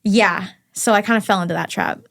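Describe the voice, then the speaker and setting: A woman's voice: mid-range voice, fairly quick, gravelly. A young woman, a podcast guest, telling a dating story in casual chat and acting out the quotes. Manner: animated, acts out quotes in storytelling.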